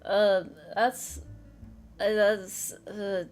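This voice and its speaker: Slow, flustered young woman streamer. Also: mid-range voice, little pitch movement, soft background music. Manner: flustered, self-mocking, mutters and swears while thinking. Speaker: streamer teaching math. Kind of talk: casual live-stream chat while solving problems.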